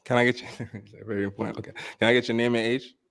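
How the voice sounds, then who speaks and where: A man from New York hosting a dating show, asking brisk, routine questions. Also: mid-range voice, little pitch movement, creaky, a bit bright. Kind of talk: street dating show interview.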